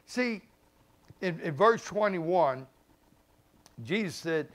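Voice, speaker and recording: A man, a pastor preaching a sermon in a conversational way, swinging between loud emphasis and hushed asides. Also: a little high, animated, a little slow. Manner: conversational, informal grammar and repeated phrases.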